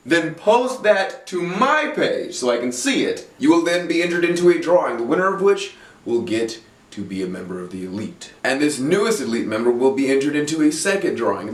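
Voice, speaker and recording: A man delivers comedic roast commentary, mocking and swearing freely, with a voice that leaps around in pitch. He sits a little away from the microphone in an echoey room. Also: recorded from a distance. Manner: animated, profane, mocking. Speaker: comedy video creator.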